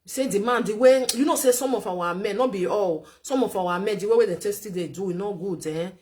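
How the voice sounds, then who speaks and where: A woman's voice: medium pitch, fairly quick, darkish tone. A woman with a Nigerian Pidgin accent giving relationship advice in chatty, lecturing commentary, repeating points for emphasis. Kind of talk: casual commentary.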